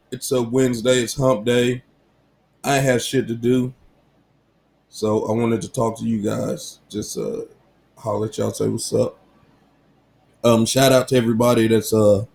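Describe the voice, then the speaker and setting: A man's voice: mid-range voice, darkish tone. A man in his thirties hosting a casual solo podcast, telling profane, joking family stories. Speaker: podcast host.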